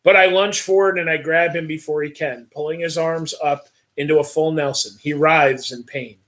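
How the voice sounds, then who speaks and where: A man's voice: on the high side, fairly even intonation, normal speed, hardly any pauses, a bit bright. A man reading his own first-person story aloud on a livestream, reading dramatically and breaking off for offhand asides.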